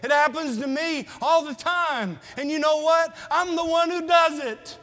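A man's voice: very high-pitched, fairly even intonation, a little slow, sharp tone. A male pastor preaching a sermon in a church, earnestly asking his listeners questions in a plain-spoken way. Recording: long reverb of a hall.

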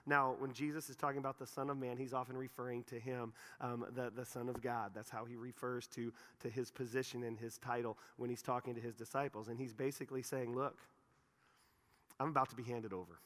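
A man preaching a sermon, animated, acting out the disciples in quick voiced asides. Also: mid-range voice. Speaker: pastor. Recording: long hall reverb.

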